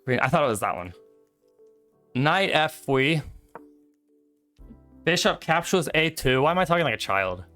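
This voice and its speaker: A man's voice: medium pitch, very animated, moderate pace, pauses often, sharp tone, faint music behind. A man casually calling out chess moves while replaying a game, joking, laughing often and swearing. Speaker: co-host reviewing his chess game. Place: streaming setup.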